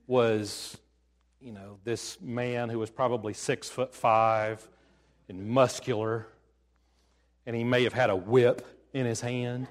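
A male pastor giving a sermon in an animated storytelling manner, acting out the lines he quotes. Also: medium pitch.

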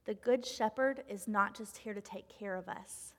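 A woman reading a devotional reflection in an earnest, measured way, slowing down on key phrases. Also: mid-range voice. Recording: long hall reverb.

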